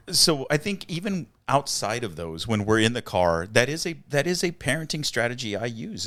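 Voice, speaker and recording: Measured man with a lowish voice. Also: fairly bright tone. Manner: thoughtful and measured, with many ums. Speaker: podcast co-host, doctor. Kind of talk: casual chat.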